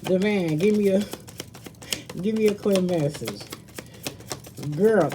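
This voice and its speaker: A woman's voice: medium pitch, slow, background noise. A woman tarot reader chatting casually with her viewers on a live stream, slangy and talkative, calling them baby and girl. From Southern United States.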